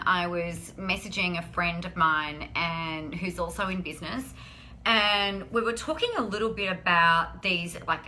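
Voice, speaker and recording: A woman's voice: on the low side, bright, forceful tone, slight background noise. A woman hosting a live stream, chatting in an upbeat, encouraging way and often saying "like". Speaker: host of a weekly live business show. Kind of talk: casual live-stream chat.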